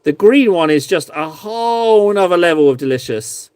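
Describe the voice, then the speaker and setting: Guy streaming at his hobby desk, kinda high voice, rambly and jokey, super dry close mic sound. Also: lively intonation, normal speed, a little mellow, clear, resonant tone, no room sound. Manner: rambling, self-mocking, playful. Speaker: streamer reviewing viewers' miniature paintings. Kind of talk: casual live-stream chat.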